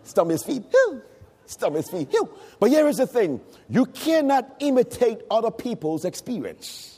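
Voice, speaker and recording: A middle-aged male pastor preaching a sermon, breaking into shouts and sung, rising phrases. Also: sits high, very animated, moderate pace, breathy edge. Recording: long hall reverb.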